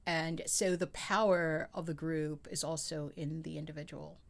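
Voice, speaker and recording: A woman speaks in a fairly low voice. As a podcast co-host, she talks about poetry in an earnest, reflective, conversational way. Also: steady tone, moderate pace, creaky.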